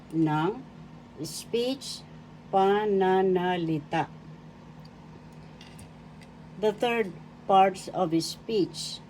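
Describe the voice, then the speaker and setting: Middle-aged woman teacher, low warm voice, very slow deliberate syllable drills, faint hum behind. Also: rough recording. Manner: spells out syllables slowly and deliberately. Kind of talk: slow language lesson.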